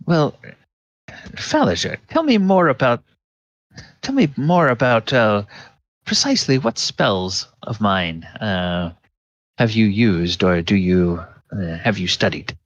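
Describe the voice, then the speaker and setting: Man doing flustered old wizard, higher voice, dry lo-fi audio. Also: slow pace, dry recording, full character voice. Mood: eager. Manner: fussy, flustered bursts of excitement. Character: excitable old male wizard, chatty and amazed.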